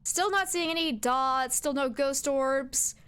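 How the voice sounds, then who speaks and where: A woman's voice: high-pitched, slow, a bit bright. A young woman streaming a horror game, chatting to her viewers and talking back to the ghost with jumpy outbursts. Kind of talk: live game commentary.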